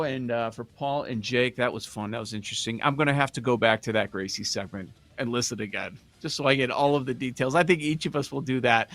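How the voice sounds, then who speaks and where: A man hosting a sports betting show, talking casually and thinking out loud with restarts. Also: medium pitch.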